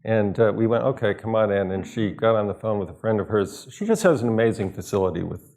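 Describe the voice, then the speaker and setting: A man on a panel, talking about his work in relaxed anecdotes. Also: lowish voice, fast. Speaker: film director, panelist. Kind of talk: panel discussion.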